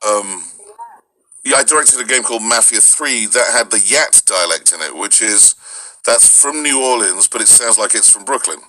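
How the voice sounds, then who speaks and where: A man from North Yorkshire with a lilt, talking in a bright, forceful voice. He chats in a rambling, lively way. The audio comes through a video call. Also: on the low side, normal speed, poor audio. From North Yorkshire, England. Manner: animated, rambling storyteller slipping into accent impressions. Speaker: voice actor guest. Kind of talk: casual video-call chat.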